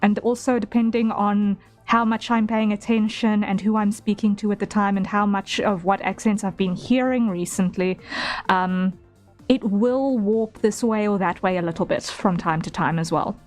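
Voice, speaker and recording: A woman's voice: medium pitch, fairly even intonation, normal speed, darkish tone. A woman with a South African accent blended with British, chatting casually on a livestream while she draws, laughing often and making self-deprecating asides. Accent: South African mixed with British. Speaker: artist streamer. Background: faint background music.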